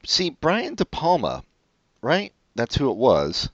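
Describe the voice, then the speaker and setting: A man's voice: a little high, huge pitch swings, slow, no room sound. A man co-hosting a casual film podcast, rambling and trailing off, swearing when he slips. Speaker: podcast co-host. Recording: dry, dull lo-fi sound.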